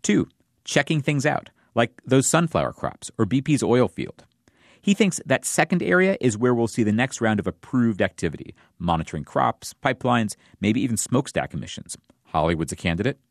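A man's voice: mid-range voice, big pitch swings, moderate pace, no room sound, studio quality. A male reporter narrating a scripted radio news story.

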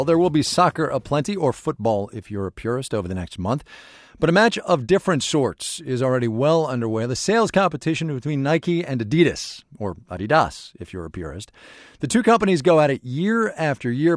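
A man's voice: medium pitch, no room sound. A male radio news anchor reads scripted lead-ins with a wry edge. His delivery rises and falls a lot, and the studio sound is dry and close.

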